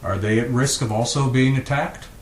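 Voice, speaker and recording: A man's voice: mid-range voice, normal speed. Man, interviewer, hesitant with fillers, roomy echo, faint background noise. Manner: hesitant, many "uh" fillers and restarts. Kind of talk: casual questioning.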